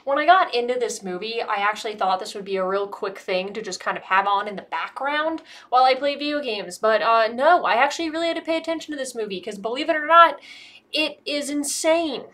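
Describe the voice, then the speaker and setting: An American woman gives a loose, comedic movie review, her voice sitting a little on the high side. She is sarcastic and swears often, and she rambles from one joke to the next. She sounds a bit tipsy. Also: lively intonation, a little fast, fairly bright tone. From United States. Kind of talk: casual comedic movie commentary.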